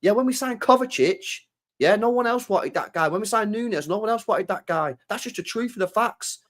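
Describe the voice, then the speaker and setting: A man from England, talking football on a podcast in a casual, animated way that is full of swearing. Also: high-pitched, a little fast. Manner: animated, swears a lot, acts out quoted voices. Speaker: podcast co-host.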